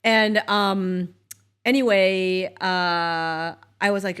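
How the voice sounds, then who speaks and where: A middle-aged woman co-hosting a casual chat show, telling a family story in an animated way and acting out the voices with laughs. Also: fairly low pitch, drawn-out words, smooth. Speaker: co-host, mother of the other host.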